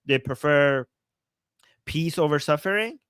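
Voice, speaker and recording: A man from Iran speaks English, hosting a live political stream and reacting to the chat with sarcasm and quick laughs. His voice sits a little high for a man. The sound is dry and close to the mic. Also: clear, resonant tone, no echo. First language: Persian. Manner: animated, sarcastic, laughs often, reads chat aloud. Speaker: political commentator and livestream host.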